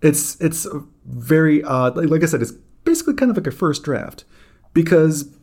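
A man's voice: on the high side, sing-song, moderate pace, a little mellow. Dry, teasing man podcast host. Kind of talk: casual chat.

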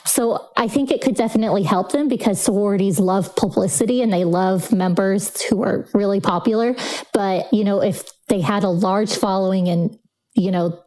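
Woman, podcast guest, chatty, opinionated, casual fillers, mid pitch. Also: a little mellow, poor audio. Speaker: guest commentator. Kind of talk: podcast interview answers.

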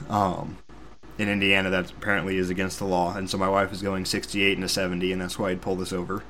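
A young man from Missouri hosting a podcast, telling a story in a casual, animated, self-deprecating way with sarcastic asides. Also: low-pitched, fast talker, a little hiss or hum. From Missouri, USA. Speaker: podcast host.

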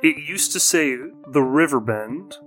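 A man acting as game master, narrating scenes in a measured, descriptive way. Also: on the high side, expressive, fairly bright tone, soft background music.

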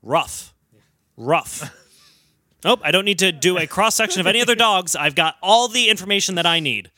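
A man's voice: high-pitched, a little fast, pushed and bright, no room sound. A young man co-hosting a podcast, teasing his friends in casual comic chat. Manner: teasing, wry. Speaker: podcast co-host.

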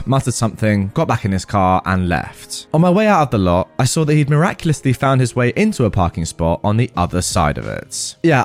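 A man reads online stories aloud with a lively, swinging pitch, then weighs in with his own remarks. His voice sits in a middling register, and faint music plays underneath. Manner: animated storytelling. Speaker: story narrator.

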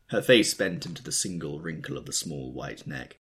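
Deep male audiobook narrator, expressive, measured.

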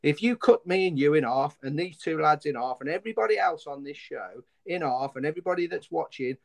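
A man worked up and emphatic, a football fan venting his anger, pitched a touch high. He hammers his points home and circles back to repeat them. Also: expressive, fairly quick, creaky. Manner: angry, emphatic, repeats himself. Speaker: fan guest. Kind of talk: impassioned fan chat.

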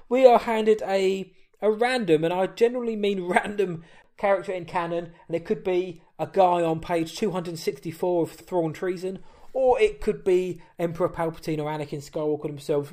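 A man co-hosting a casual podcast, reading out listener comments with lively banter and enthusiasm. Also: high-pitched. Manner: energetic, banter-filled, reading listener messages. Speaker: podcast co-host.

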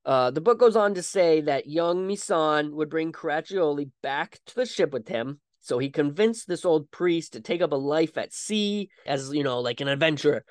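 A man's voice: a little high, lively intonation, normal speed, few pauses, no room sound, clean studio sound. A man hosting a podcast, telling a history story in a chatty, casual way with frequent asides. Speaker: podcast host.

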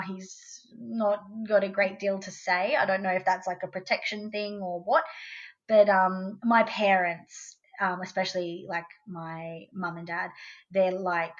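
An Australian woman speaks as a guest, recounting events in a relaxed, chatty way and acting out the lines of the people in her story. Her pitch sits in a middling range. The recording sounds a little dull and lo-fi. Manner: conversational storytelling, quotes her son in a lively voice. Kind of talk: casual interview.

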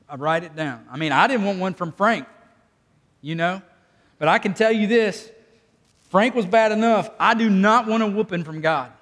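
A man preaching a sermon as pastor, folksy and conversational, drawing the congregation into call-and-response. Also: sits high. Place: church sanctuary. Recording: long reverb of a church hall.

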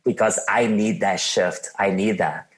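A man in his forties with a Brazilian Portuguese accent, a podcast guest telling his life story in an animated way and acting out quotes. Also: fairly low pitch, measured pace. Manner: animated, laughs often, acts out quotes. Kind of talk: personal storytelling in a podcast interview.

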